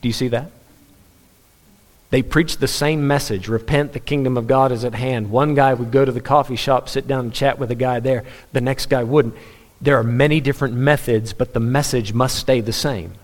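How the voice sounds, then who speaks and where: A man's voice: mid-range voice, steady tone, normal speed. Earnest man preaching. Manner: earnest, emphatic preaching with rhetorical questions and repetition. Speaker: pastor. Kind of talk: sermon.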